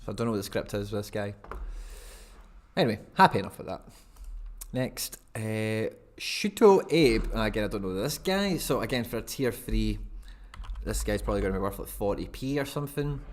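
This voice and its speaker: A man's voice: on the low side, moderate pace. A man, chatting casually and rambling through a live stream, often laughing at himself. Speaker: fantasy football streamer.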